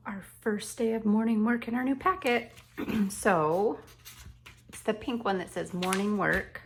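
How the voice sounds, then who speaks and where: A woman teaching a remote lesson to young children, speaking in a slow, patient, encouraging way. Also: medium pitch. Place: home. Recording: echoey room, faint noise.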